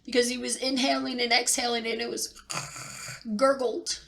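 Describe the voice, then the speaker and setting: A middle-aged woman telling a personal story near tears, halting and repeating herself with pauses. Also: a little high, little pitch movement, vocal fry, fairly bright tone. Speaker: vlogger sharing personal loss. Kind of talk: tearful personal account.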